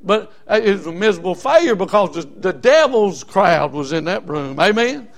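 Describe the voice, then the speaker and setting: A man's voice: high-pitched, sing-song, moderate pace. A man preaching a fervent sermon, repeating himself with many fillers and asking "Amen?".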